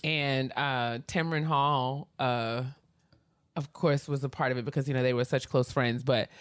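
A young adult woman co-hosting a podcast, telling stories in a chatty, animated way. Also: measured pace, clean tone, dry recording, studio quality. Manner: animated storyteller, does high gushing impressions. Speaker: podcast co-host. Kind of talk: casual chat.

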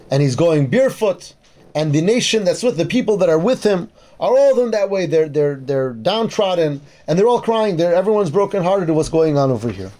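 A man's voice: on the high side, mellow. A man teaching a Torah class, retelling a biblical story in plain speech and weaving in Hebrew verses and terms, with frequent restarts. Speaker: Bible teacher.

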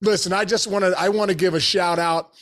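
Hyped-up guy telling a story on a podcast, kinda high voice, keeps restarting and saying bro. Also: brisk. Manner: animated, talks in bursts with many restarts and "bro", "dude". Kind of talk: casual storytelling.

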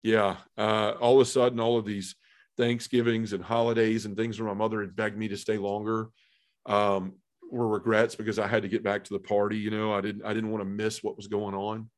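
A lowish, brisk male voice with little pitch movement tells a personal story on a podcast. The speaker, a middle-aged man, is earnest and heartfelt and keeps dropping "you know" and "man."

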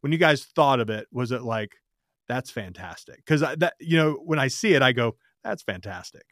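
Male host, mid pitch, rambling and conversational, dry close mic. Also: fairly quick, no echo. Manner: rambling, with many fillers and restarts, animated when joking. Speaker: podcast host. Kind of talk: casual interview conversation.

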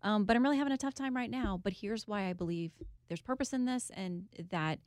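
A woman's voice: mid-range voice, a little fast, a little mellow, dry recording. A woman talks openly and earnestly as an interview guest, her voice sitting in a middle register. The sound is dry and close, with no room around it. Now and then she laughs through the telling. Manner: earnest, candid storytelling with laughs. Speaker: guest, author and TV host.

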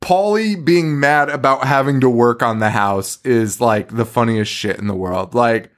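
A man's voice: medium pitch, moderate pace, few pauses. A man co-hosting a podcast, chatting casually and swearing a lot as he acts out scenes from a movie. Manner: animated, profane, acts out quotes from the movie. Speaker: podcast co-host. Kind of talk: casual chat.

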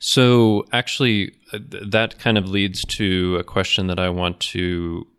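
A man hosting an interview, asking curious questions in a relaxed, casual way. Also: deep voice, a little slow, smooth. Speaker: podcast host.

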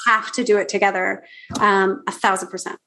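A woman's voice: mid-range voice, little pitch movement, fairly quick, sharp tone. A woman hosting a podcast interview, talking casually and enthusiastically with lots of fillers. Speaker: podcast host.

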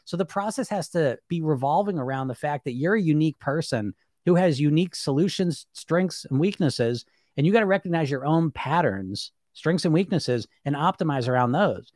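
Animated man coaching in a dry, close sound. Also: on the high side, moderate pace, few pauses, dry recording. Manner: animated, conversational, acts out inner voices. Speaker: weight-loss coach. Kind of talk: casual coaching talk.

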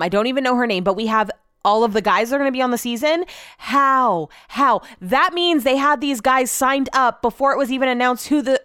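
A woman chatting on her own podcast, animated and loose, with plenty of swearing. Her voice sits a little high and comes across smooth and clear. The sound is dry and close, with no room around it. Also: no echo. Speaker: podcast host. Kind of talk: casual solo chat.

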